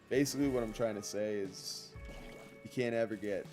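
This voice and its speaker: Low-voiced guy streaming a game, rambling and joking at chat, faint music behind. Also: normal speed, darkish tone. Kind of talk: casual gameplay commentary.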